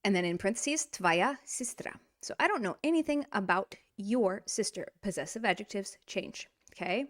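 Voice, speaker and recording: A woman teaching a casual language lesson, animated and playful, speaking straight to the learner. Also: medium pitch, moderate pace, hardly any pauses. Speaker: Russian teacher.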